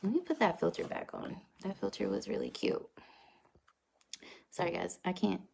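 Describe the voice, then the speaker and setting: A young woman from North Carolina chats casually on a phone livestream from home, answering live comments and laughing often. Recorded through the phone's front camera, her low-side voice is gravelly and a little mellow, with wildly swooping pitch at normal speed over a slight hiss or hum.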